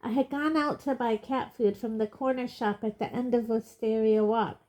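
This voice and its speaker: A woman's voice: on the high side, steady tone, unhurried, warm tone, pitched above the performer's own voice, natural voice. A woman reading aloud, voicing a nervous, flustered elderly woman with a quavery voice who gabbles her words.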